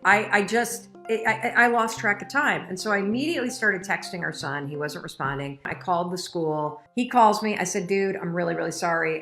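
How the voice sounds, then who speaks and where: A woman's voice: low voice, a bit bright. A middle-aged woman giving a motivational talk, telling personal stories in a candid, emotional way. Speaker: motivational speaker.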